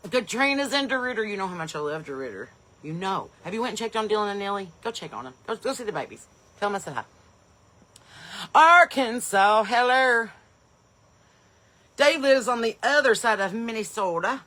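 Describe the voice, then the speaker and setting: A woman hosts a live stream in an easy, chatty way. Her voice is bright and forward, and she calls out viewers' places with eager, loud bursts before talking on casually. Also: mid-range voice, big pitch swings, normal speed. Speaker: comedian and podcast host.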